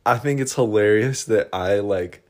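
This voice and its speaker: A man's voice: on the low side, moderate pace. A young man from Denver co-hosting a podcast, chatting in an upbeat, casual way and laughing often. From Denver, Colorado. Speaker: podcast co-host.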